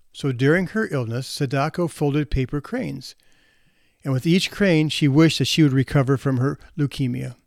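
Man, podcast host, earnest, measured reflective storytelling, reads with pauses, dry close sound. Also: a little high, gravelly, a little mellow, no room sound.

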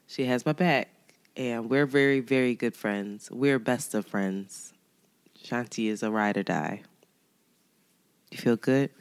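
Philly woman w a sick gravelly voice, low and swoopy, cussing and teasing, dry close mic. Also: slow, pauses often, dry recording. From Philadelphia. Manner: blunt, profane and teasing. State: hoarse, gravelly voice from being sick. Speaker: podcast co-host. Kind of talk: casual chat between friends.

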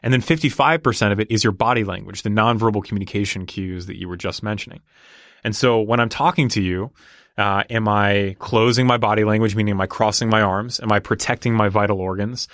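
A man's voice: lowish voice, a little fast, a bit bright, no echo, studio quality. A man talking confidently and explaining with examples in a casual conversation. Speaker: negotiation guest.

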